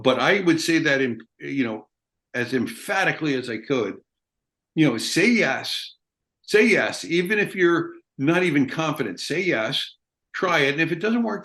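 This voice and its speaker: A man's voice: a little high, fairly bright tone. A middle-aged American man, an army veteran guest in an interview, talking in a blunt, emphatic way and swearing freely. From United States. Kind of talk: casual interview talk.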